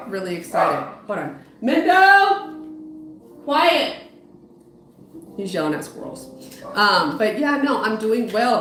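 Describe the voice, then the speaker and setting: Slow-talking woman reading tarot live. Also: lowish voice, background noise. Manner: chatty, greets viewers, trails off and restarts. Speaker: spiritual medium and psychotherapist. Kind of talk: casual livestream chat with tarot readings. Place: home, dog heard outside. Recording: roomy sound with music behind.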